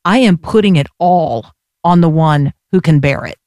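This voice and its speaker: A woman hosting a faith radio show, speaking in a reflective, unhurried way and closing with an encouraging exhortation. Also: low voice, darkish tone, no echo, clean studio sound. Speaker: radio host. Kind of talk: faith radio interview and sign-off.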